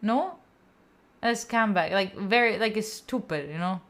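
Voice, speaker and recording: A woman's voice: mid-range voice, expressive, measured pace, fairly bright tone. A young woman with an Italian accent, hosting a study livestream and chatting playfully with viewers between work sessions. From Italy. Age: young adult. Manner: playful, giggly, chats back to viewers. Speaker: study-stream host. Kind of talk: casual livestream chat, reading comments.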